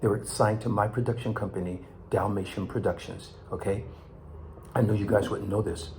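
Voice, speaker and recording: Impassioned older man, low voice. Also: fairly even intonation, moderate pace, a little hiss or hum. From Los Angeles, California. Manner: impassioned, rising to near shouts then dropping low. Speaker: vlog host. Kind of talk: emotional monologue to camera.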